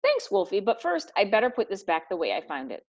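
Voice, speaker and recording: A woman's voice: mid-range voice, wildly swooping pitch, a little fast. A woman voicing a laid-back male tarantula hacker who talks like a surfer dude. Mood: chill. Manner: drawling, easygoing slang. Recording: dull lo-fi recording.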